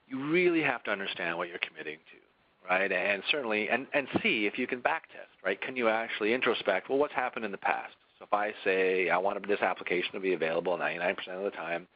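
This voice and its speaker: A man from a software vendor presenting a webinar in a conversational way, often tagging his points with "right?" and restarting his sentences. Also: fairly low pitch, dry recording, lo-fi sound.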